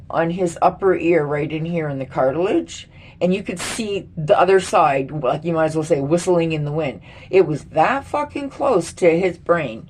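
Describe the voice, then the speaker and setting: A woman's voice: on the low side, a little hiss or hum. Blunt, profane woman ranting. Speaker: vlogger. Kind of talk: casual ranting commentary.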